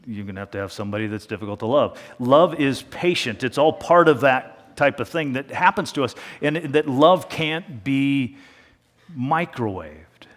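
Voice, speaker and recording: A man preaching a sermon as pastor, talking in a conversational way and slowing down to a hush for emphasis. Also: medium pitch. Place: church sanctuary. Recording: long reverb of a church hall.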